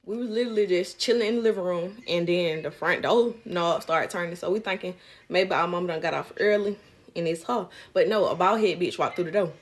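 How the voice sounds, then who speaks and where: A woman's voice: fairly low pitch, fairly quick. A young woman telling a casual storytime, blunt and profane, acting out the quotes.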